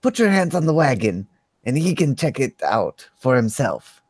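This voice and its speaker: A man's voice: mid-range voice, very animated, normal speed, darkish tone, husky, no echo. Guy doing a cocky trigger-happy gunslinger, taunting, dry close sound. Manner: brash, taunting.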